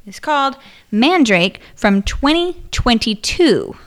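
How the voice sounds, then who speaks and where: A woman's voice: a little high, very animated, takes it slowly, very noisy. A woman co-hosting a podcast, chatting casually, swearing now and then and reading credits from her notes. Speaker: podcast co-host. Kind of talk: casual chat.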